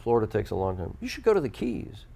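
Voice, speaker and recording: A man's voice: lowish voice, wildly swooping pitch, quick pace, gravelly, crowd noise. A man hosting local television, teasing his co-host and reading sponsor plugs in a playful way. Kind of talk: casual banter and ad reads. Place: TV studio.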